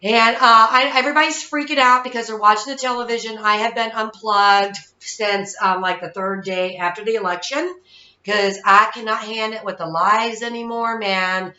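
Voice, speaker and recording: A woman's voice: a little high, fairly even intonation, normal speed, pushed and bright. A woman in her thirties hosting as a psychic-medium, talking casually and rambling, often checking in with "okay?". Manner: chatty, rambling, keeps asking "okay?". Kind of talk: casual monologue to viewers. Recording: echoey room, dull lo-fi sound.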